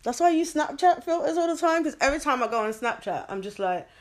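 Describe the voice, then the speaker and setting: A woman's voice: sits high, expressive, fast talker. Young female co-host; casual, giggly, leads the questions. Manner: chatty, giggly, asks the questions. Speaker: podcast co-host. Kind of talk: casual chat.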